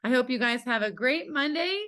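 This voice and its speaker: A woman's voice: high voice, animated, a little fast, sharp tone. Effusive, swearing woman podcast host. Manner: effusive, swears freely, lots of fillers. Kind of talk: casual podcast chat.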